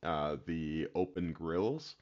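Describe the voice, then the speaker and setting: Deep-voiced man on dull audio. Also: slow, a little mellow. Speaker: podcast guest. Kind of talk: casual podcast chat.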